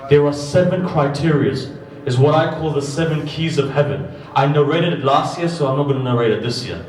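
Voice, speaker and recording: A man giving a religious sermon to a gathering, telling stories with animated swings between loud emphasis and quiet asides. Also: on the high side, a little fast. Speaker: religious lecturer. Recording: echoey hall, distant mic, faint background noise.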